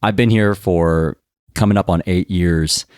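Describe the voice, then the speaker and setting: An American man hosts an interview podcast and asks curious, encouraging questions. His voice is very low. The recording is dry and close-miked. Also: steady tone, measured pace, darkish tone, smooth, dry recording. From United States. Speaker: podcast host.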